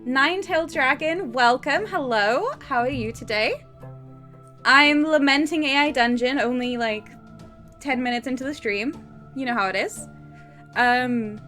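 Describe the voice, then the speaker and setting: A woman's voice: high-pitched, a little slow, pushed and bright, soft background music. A woman from the UK streaming live, chatting casually and reading comments aloud in a self-deprecating, giggly way. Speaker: streamer co-writing a story with AI.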